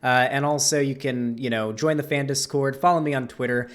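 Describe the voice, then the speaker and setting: A young man ranting through a reaction video at a middling pitch. He rambles and swears freely, stacking up "like" as he goes. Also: fairly even intonation, a little fast. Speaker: host. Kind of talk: profane reaction commentary.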